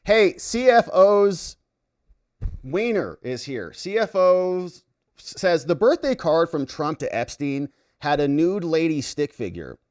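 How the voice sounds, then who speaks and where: A man's voice: fairly high pitch, sing-song, slow pace, a little mellow. Guy hosting a livestream, reading chat and reacting, voice jumps up and down a lot. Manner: reads viewer comments aloud and reacts. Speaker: livestream host.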